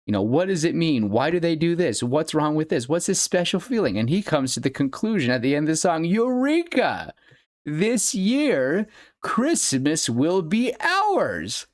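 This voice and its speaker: A man's voice: on the high side, expressive, quick pace, hardly any pauses, darkish tone, dry recording. Gushing male podcast host, dry sound. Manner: gushing, rambling fan talk with laughs. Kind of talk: casual solo podcast commentary.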